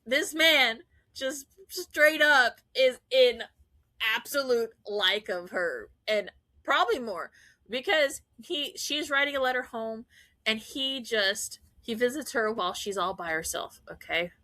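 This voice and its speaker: A woman podcast host giving a casual, animated fan recap, gushing and laughing often. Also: a little high, measured pace, dry recording.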